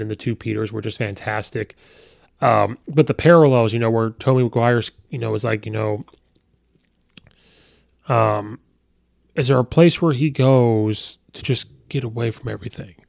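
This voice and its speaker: A man's voice: medium pitch, creaky, dry recording, studio quality. A man hosting a podcast, giving a casual, rambling movie review with many fillers and restarts. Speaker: podcast host.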